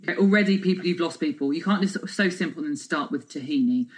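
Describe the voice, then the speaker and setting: A woman's voice: deep voice, fast talker. A woman co-hosting a podcast, a mother chatting casually in a teasing, wry way. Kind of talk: casual chat.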